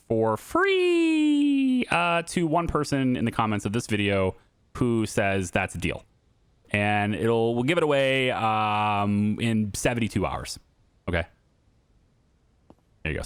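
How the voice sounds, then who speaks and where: A man's voice: on the low side, a bit bright, no room sound. A man in his thirties chatting casually over gameplay, joking and sarcastic with his viewers. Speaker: gaming YouTuber.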